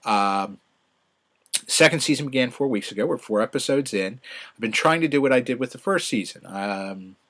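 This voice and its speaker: A middle-aged man giving a casual, rambling solo review, full of fillers and restarts, with sudden excited bursts. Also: mid-range voice, moderate pace. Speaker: podcast host reviewing a TV show.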